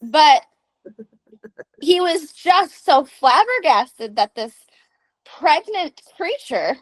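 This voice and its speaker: A woman in her thirties co-hosting a podcast in casual chat, telling animated stories and swearing freely. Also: high voice, takes it slowly. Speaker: podcast co-host.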